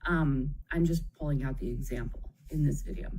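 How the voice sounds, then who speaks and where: A woman's voice: very deep voice, normal speed, slight background noise, rough recording. A woman teaching about parenting in a live video, talking conversationally, checking in with her listeners and speaking with empathy. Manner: conversational, checks in with frequent "okay?"; warm, empathetic phrasing, calls children "kiddo". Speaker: parenting educator. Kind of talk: live-streamed explanatory talk.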